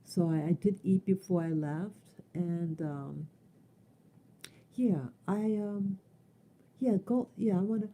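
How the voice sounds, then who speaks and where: A woman's voice: on the low side, slow pace, pauses often, mellow. A woman talking off the cuff on a live stream, blunt and emphatic, swearing freely and repeating her key phrases. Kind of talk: unscripted live stream monologue.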